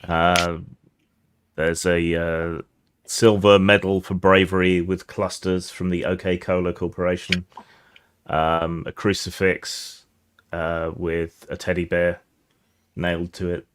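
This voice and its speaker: A man narrating as game master of a tabletop game, relaxed and descriptive with many fillers. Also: low-pitched, slow, slight background noise.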